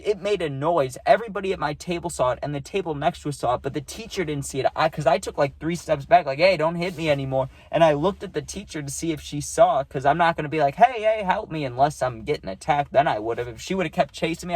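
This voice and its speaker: A man's voice: a little high, no room sound. A young man casually telling a story in a rambling, slangy way, cursing and saying dude a lot.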